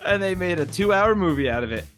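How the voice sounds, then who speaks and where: A man's voice: high-pitched, expressive, fast, fairly bright tone, faint music behind. A man co-hosting a podcast, chatting casually with wry, teasing jokes. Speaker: podcast co-host. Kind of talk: casual chat.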